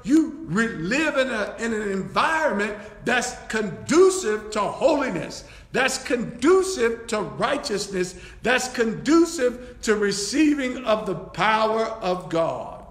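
Man preaching a sermon, very high voice, unhurried delivery, long echo of a church hall. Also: big pitch swings, fairly bright tone. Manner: preaching with repeated phrases and interjected praise. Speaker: bishop-elect preaching.

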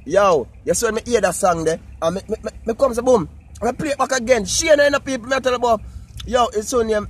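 A man with a Jamaican accent talking casually to his viewers in patois, animated and repetitive. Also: high voice, quick pace, husky. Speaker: vlogger. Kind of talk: casual talk to camera.

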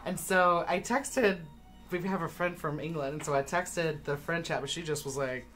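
Woman, lowish voice, casual chat, rambling storyteller, faint music behind. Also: moderate pace, a bit bright. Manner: chatty storyteller, many "like" fillers. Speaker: tabletop game player.

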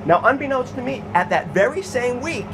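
Brief: high-voiced man, heated and profane, telling his side over loud background noise. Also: lively intonation, moderate pace. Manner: agitated, profane, insistent. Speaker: homeless activist telling his story. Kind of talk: recounting events to an official.

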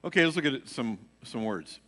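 A man's voice: mid-range voice, animated, moderate pace, sharp tone. A man, a worship leader, telling a rambling personal testimony to a church congregation, full of fillers like "you know". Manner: rambling storytelling, heavy on fillers. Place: church sanctuary. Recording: live church stream with long hall reverb.

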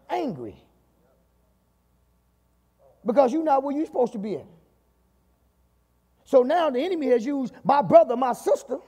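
High-pitched Southern pastor preaching. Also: male voice, a little mellow, long reverb tail. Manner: call-and-response preaching, repeats "my God". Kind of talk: sermon. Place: church sanctuary.

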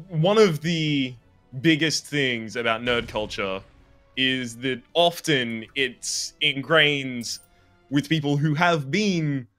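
A man's voice: medium pitch, pushed and bright. A man co-playing a game, teasing his friend dryly and swearing casually on a voice call. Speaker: guest co-player. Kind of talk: casual gaming banter.

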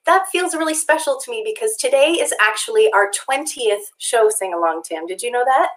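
A woman's voice: a little high, lively intonation, brisk. A woman co-hosting a children's music livestream from home, cheerful and encouraging, singing and giving movement cues. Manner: bright, encouraging, sings along.

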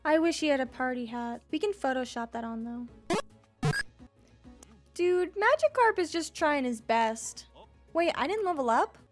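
A young woman with a high, girlish voice chats her way through a game in unhurried, bubbly commentary, breaking into squeals and jokey asides. Game music plays faintly behind her. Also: lively intonation. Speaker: gaming video creator. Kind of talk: playful let's-play commentary.

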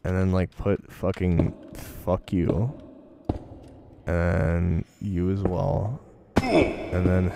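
A man's voice: sits low, drawn-out words, vocal fry, pauses often, noisy background. A young man giving casual, profane, rambling commentary while playing a game, mocking himself as he goes. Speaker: gaming video host.

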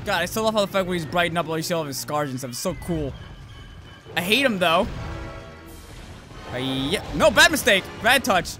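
A man giving casual gameplay commentary as a let's-play host, swearing freely and yelling insults at the monster he fights. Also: high-pitched, expressive, a little fast, long pauses. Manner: profane, yells insults at the monster. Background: game music.

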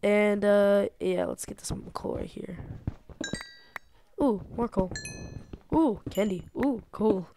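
A young woman giving casual gameplay commentary, excitable and talking to herself, swearing and laughing often. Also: medium pitch, slow, long pauses, slight background noise. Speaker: gamer.

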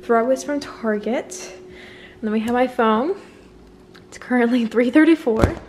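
Young woman vlogger, chatty and bubbly, slightly high voice, faint room hiss behind. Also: a little slow, a little mellow. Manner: chatty and bubbly, rambling asides. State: slightly out of breath. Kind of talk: casual apartment tour. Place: small apartment indoors.

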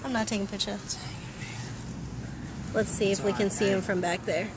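This woman chats at a normal speed with a mid-range, fairly even-toned voice. She's vlogging in a car and a store, joking around and ribbing her partner, while the audio picks up noise from the car and street.

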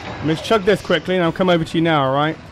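A man commentating on his own gameplay, excitable, swearing, shouting and laughing at the action. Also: on the high side, very fast, a little hiss or hum, low-quality recording. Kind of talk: let's play commentary.

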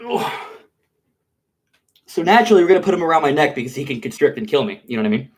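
A man on a live stream with a slightly high voice, talking loosely and casually to his chat. He drops bro and dude into nearly every line. He coaxes and soothes a pet snake while sounding uneasy about it. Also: big pitch swings, fast, slightly rough. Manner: laid-back and slangy, calls everyone bro and dude; nervous and coaxing while handling a snake.

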